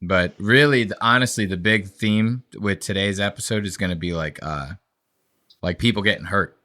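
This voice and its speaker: A man's voice: fairly low pitch, moderate pace. A young man co-hosting a podcast, rambling and profane in casual chat. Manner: profane, rambling storytelling with animated impressions. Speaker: podcast co-host.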